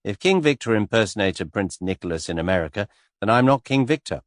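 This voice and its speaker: A man voicing a cool English gentleman suspect, speaking lightly and teasingly in an unhurried way. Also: on the low side, lively intonation, no echo, studio quality, close to an everyday voice. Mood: amused.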